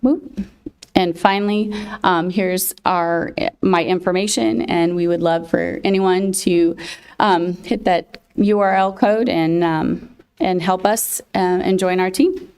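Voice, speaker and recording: A woman presenting her college access programs to a county board, speaking with many fillers and pauses. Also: fairly low pitch, steady tone, darkish tone, clean tone. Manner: halting, many fillers, emotional thanks. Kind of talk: public presentation at a board meeting.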